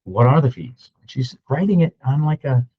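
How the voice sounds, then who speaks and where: A man in his sixties telling a story in a casual, animated way, acting out other people's lines as he goes. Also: medium pitch, moderate pace, husky, lo-fi sound. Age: 60s. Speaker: real estate agent. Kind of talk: storytelling vlog.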